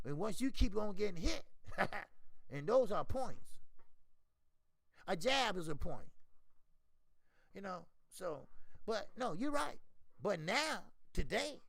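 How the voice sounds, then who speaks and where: A man's voice: sits high, gravelly, no room sound. A man hosting a casual, profane boxing talk stream, answering viewers by name. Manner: profane, animated, talks back to viewers by name. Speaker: boxing channel host.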